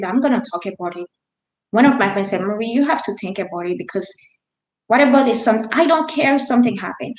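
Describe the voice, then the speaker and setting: Woman, thirties, from Haiti; earnest personal storytelling to camera, mid pitch, roomy echo. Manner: earnest, emphatic, with frequent restarts and non-native grammar. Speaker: vlogger.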